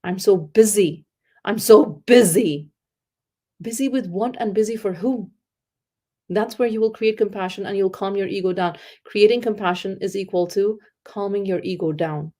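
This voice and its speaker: A woman delivers a conference talk on parenting with loud, excitable energy. Her tone is earnest and instructive, in a mid-range voice. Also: medium pitch, normal speed. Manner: animated, self-described loud and excitable; earnest, teaching tone with faith terms. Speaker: parenting speaker.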